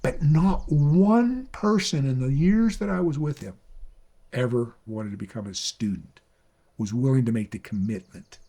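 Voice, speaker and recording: A man telling a personal story about finding a mentor, animated and emphatic, rising in intensity when making his points. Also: unhurried. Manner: animated storyteller, rises high when preaching. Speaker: speaker on mentorship. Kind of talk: storytelling talk.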